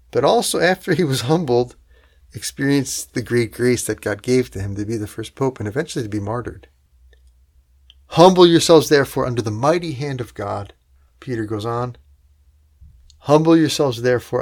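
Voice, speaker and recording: A man preaching a sermon in an earnest, emphatic way, with rhetorical asides to his listeners, swelling louder on key words and then dropping soft. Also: mid-range voice.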